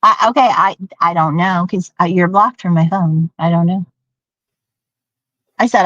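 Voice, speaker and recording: A woman's voice: on the low side, unhurried, long pauses, fairly bright tone, dry recording, dull audio. A woman on a livestream call who pleads and repeats herself in a heated argument. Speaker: livestream guest.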